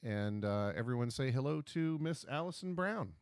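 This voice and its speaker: A man's voice: medium pitch, expressive, normal speed, darkish tone, no echo, studio quality. A man hosting a casual livestream, talking at his computer with jokey, self-deprecating asides and puns. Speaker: livestream host.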